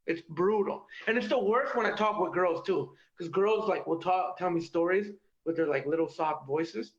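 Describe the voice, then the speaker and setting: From his kitchen at home, a stand-up comic with a high-pitched voice delivers a punchy set at a moderate pace, adding "okay?" and "all right?" after jokes. The recording is roomy, dull, and lo-fi.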